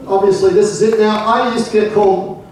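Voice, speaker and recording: A man's voice: high-pitched, steady tone, a little fast, a little mellow, slight background noise. Jokey Australian man in an echoey hall. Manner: jokey, coaxing the audience to join in. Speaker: presenter. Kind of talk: humorous presentation to a club audience. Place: club meeting hall. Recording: very echoey hall, distant mic.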